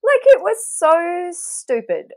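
A woman's voice: extremely high pitch, huge pitch swings, slow, vocal fry. A middle-aged woman with an Australian accent, a guest chatting candidly, laughing and rambling. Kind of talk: casual chat.

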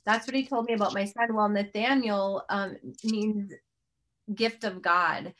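Middle-aged woman, interview host, earnest faith talk, rambling with restarts, average pitch. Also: steady tone, unhurried, a bit bright.

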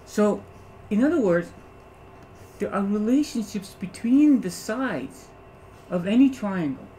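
A man teaching algebra to a class, animated, constantly asking rhetorical questions to check that students follow. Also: high-pitched, unhurried, slight background noise, poor audio. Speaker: math teacher. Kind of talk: classroom lecture.

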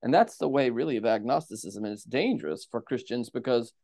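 A man as a guest on a podcast, answering questions in a measured, explanatory way, like a lecturer. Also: mid-range voice, lively intonation, vocal fry, darkish tone. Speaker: theologian guest.

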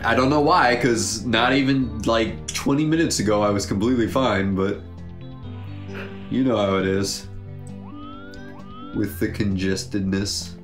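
A man with a blocked, congested nose chats casually while he plays a video game, grumbling dryly at his mistakes. His voice carries a roomy echo, and soft music plays faintly underneath. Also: on the low side, measured pace, long pauses. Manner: dry, sarcastic grumbling at the game. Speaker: let's play gamer and co-host.

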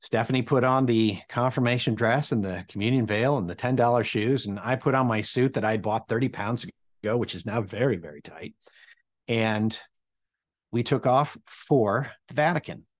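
An American man in his forties spins a personal tale for an audience, with humor and a knack for suspense. His voice sits at an ordinary male pitch, lively in the telling without strain. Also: normal speed. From United States. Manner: animated and humorous, building suspense. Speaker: storyteller.

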